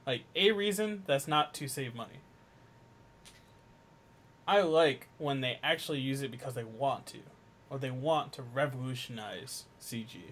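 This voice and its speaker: Animated man chatting on a podcast. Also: unhurried. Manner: animated, swings from low mumbles to loud exclamations. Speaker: podcast co-host. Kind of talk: casual chat.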